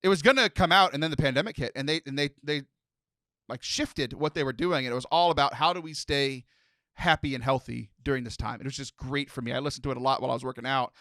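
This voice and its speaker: A man from Texas hosting a podcast, telling stories in an animated, rambling way. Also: mid-range voice, fast, no room sound. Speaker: podcast host. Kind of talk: casual podcast chat.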